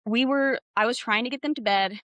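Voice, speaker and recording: A woman's voice: on the high side, a little fast, fairly bright tone, no echo. Thirtysomething woman coach chatting on a podcast, earnest, acts out her inner voice, dry close mic. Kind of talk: casual conversational interview.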